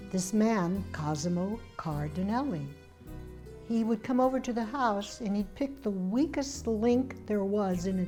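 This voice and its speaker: Older lady telling her family's story, lively, mellow warm voice. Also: medium pitch. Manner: animated, acts out quoted voices. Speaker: memoir author. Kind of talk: personal storytelling.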